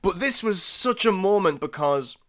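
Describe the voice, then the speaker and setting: A man co-hosting a casual film podcast, animated and quick to laugh. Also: sits high. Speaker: podcast co-host.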